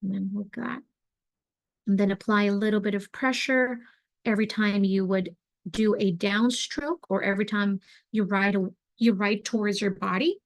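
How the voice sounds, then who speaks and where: A young adult woman teaching an online craft class, talking in a relaxed, chatty way with lots of fillers as she demonstrates. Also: medium pitch, moderate pace. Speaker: craft instructor.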